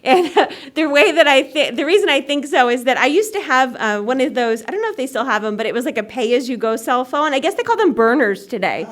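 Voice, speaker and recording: Woman, fairly high voice, chatty, self-mocking, recovery story at a meeting. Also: expressive, brisk, hardly any pauses. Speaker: AA meeting speaker. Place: meeting hall.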